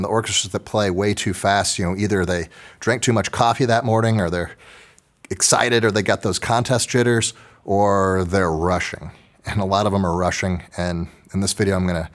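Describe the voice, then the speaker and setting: A man explains orchestra rehearsal tricks in a relaxed, folksy way. His voice sits fairly low and he slips in joking asides as he talks. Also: moderate pace. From Texas. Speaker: orchestra teacher. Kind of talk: instructional video talk.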